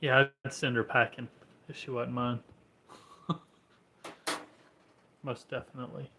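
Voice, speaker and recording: A man's voice: medium pitch, flat delivery, a little slow, sharp tone, a little hiss or hum, low-quality recording. A man chatting casually at home, easygoing with dry humor. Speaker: homesteading vlogger. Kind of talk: casual chat.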